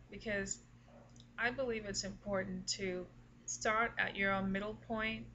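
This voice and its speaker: Singing teacher, woman, mid-pitched voice, speaks slowly and deliberately, casual lesson. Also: a bit bright, slight background noise, poor audio. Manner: slow, deliberate explanation with vocal demonstrations.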